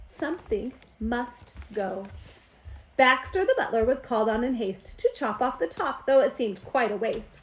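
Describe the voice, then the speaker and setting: Brief: bright high female storyteller, lively sing-song read-aloud of a rhyming kids' book. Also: moderate pace, few pauses, a little hiss or hum. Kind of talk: reading a children's picture book aloud.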